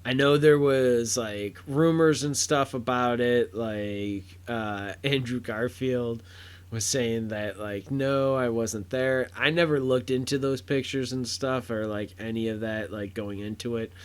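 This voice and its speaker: Reviewing a film on his podcast, a man rambles casually, full of fillers and restarts, turning loud and excited when big moments come up. He speaks at a measured pace with a medium-pitched, clean tone.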